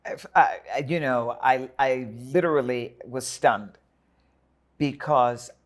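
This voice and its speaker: An older woman telling her story in an interview, lively and dramatic, acting out the voices of others. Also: rumbling low, slow pace. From Jamaica and United States. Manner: animated storyteller, acts out voices. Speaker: guest.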